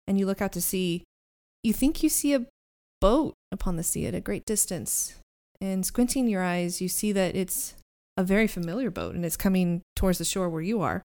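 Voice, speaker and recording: A woman narrating as game master in a tabletop game, relaxed and storytelling with some halting restarts. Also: mid-range voice.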